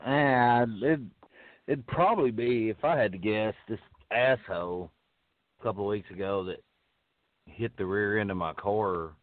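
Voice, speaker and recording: Halting male co-host on a tinny line. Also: fairly low pitch, dry recording. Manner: halting, many fillers and restarts. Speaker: podcast co-host. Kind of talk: casual profane chat. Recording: phone-like narrow sound.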